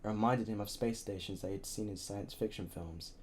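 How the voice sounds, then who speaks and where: A man reading a novel aloud in a halting way, with slips and restarts. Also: lowish voice, steady tone, a little mellow, a little hiss or hum. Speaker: reader.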